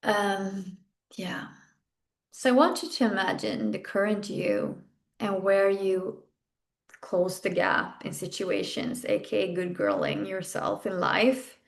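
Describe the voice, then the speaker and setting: A woman's voice: medium pitch, fairly even intonation, slow pace, gravelly. A woman hosting a podcast, guiding a self-development exercise in an intimate, frank way, swearing casually. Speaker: podcast host and coach.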